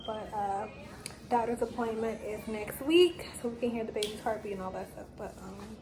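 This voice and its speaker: A young woman from the United States chatting in a casual sit-down vlog at home, animated and emotional, with plenty of "like" and "y'all.". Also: medium pitch, moderate pace, a little hiss or hum. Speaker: vlogger.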